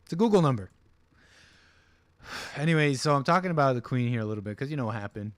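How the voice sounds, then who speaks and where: A man's voice: mid-range voice, lively intonation, quick pace, dry recording. A man hosting a casual livestream, rambling with many fillers and restarts and mocking voices for the people he quotes. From United States. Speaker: livestream host.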